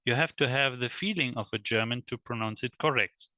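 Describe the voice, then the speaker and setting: A man speaking English as a second language in a casual interview, halting and searching for words, at times animated. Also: mid-range voice, no echo. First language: not English. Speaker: guest, electric car world traveler.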